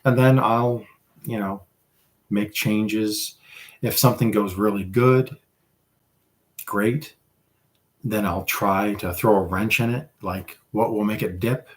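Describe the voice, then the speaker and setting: A man's voice: lowish voice, fairly even intonation, slow pace, long pauses. A man hosting a casual livestream, chatting with viewers in a rambling, self-deprecating way. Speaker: livestream host.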